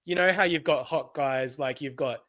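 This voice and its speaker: A young Australian man co-hosting a podcast, telling stories in a giggly, animated way. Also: medium pitch, normal speed, highs cut off. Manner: giggly, animated storytelling with frequent laughs. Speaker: podcast co-host. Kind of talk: casual chat.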